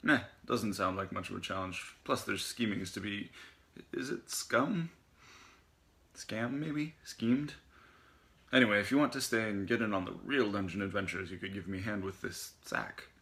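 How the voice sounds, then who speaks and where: A man's voice: on the low side, moderate pace, creaky, a bit bright. A man reading an eager young boy hiding in a basement. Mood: playful.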